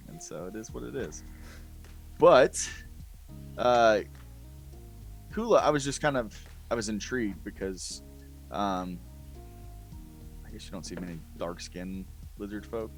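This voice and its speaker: A man with a lowish voice talks casually as a guest, wandering through his thoughts with many fillers. Faint music sits behind him. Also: a little slow, long pauses. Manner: rambling, filler-heavy, laughing easily. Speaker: guest player. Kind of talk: casual podcast chat.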